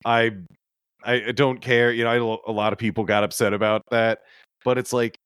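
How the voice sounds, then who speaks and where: A man in casual podcast chat about a movie, relaxed and a little hesitant, with many fillers. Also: mid-range voice, normal speed, clean tone, dry recording, clean studio sound.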